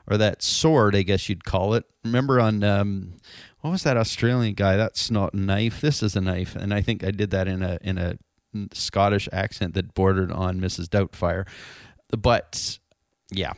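A man's voice: deep voice, steady tone, normal speed, no room sound. A man hosting a casual industry podcast in a studio, chatty and upbeat, with many fillers and restarts. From Canada. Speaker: podcast host.

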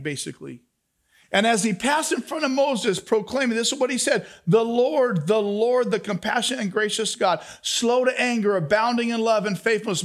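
A man with a very high voice preaches a lively sermon. He drops to soft asides, then rises to loud emphasis, and keeps asking his listeners for answers. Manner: talks back and forth with the congregation. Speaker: pastor.

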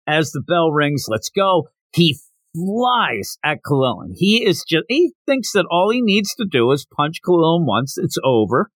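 Brief: animated male podcast host, somewhat high voice, dry close recording. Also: dry recording. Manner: animated, acts out quotes. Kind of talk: casual comic recap.

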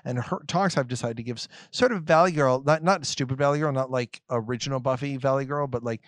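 A man on a podcast, ranting in casual chat, animated and swearing often with lots of restarts. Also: mid-range voice, fast talker, no echo. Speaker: podcast co-host.

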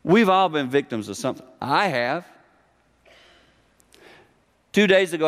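A man's voice: fairly high pitch, expressive, unhurried. A middle-aged man preaching a sermon in a conversational, emphatic way, often acting out the voices of the people he quotes. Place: church hall. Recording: long hall reverb.

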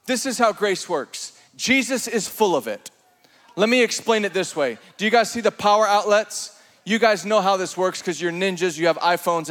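A man preaching an energetic sermon to a congregation, animated and playful, with laughing asides. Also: sits high.

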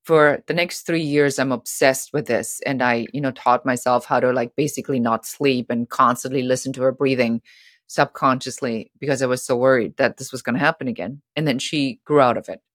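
A middle-aged woman guest on a podcast, telling stories in a lively way and acting out the voices of people she quotes. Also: rumbling low, brisk, dry recording, studio quality. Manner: animated, acts out quoted voices. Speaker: guest author. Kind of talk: storytelling interview talk.

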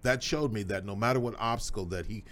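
Deep-voiced middle-aged host. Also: male voice, quick pace, fairly bright tone. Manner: folksy, emphatic, proud father telling stories. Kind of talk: podcast conversation with his son.

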